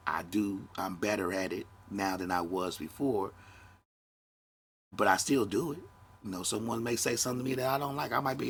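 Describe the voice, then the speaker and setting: Gravelly, blunt man in his fifties. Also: on the low side, moderate pace, a bit bright. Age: 50s. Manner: blunt, profane, conversational. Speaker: podcast host. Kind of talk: casual monologue.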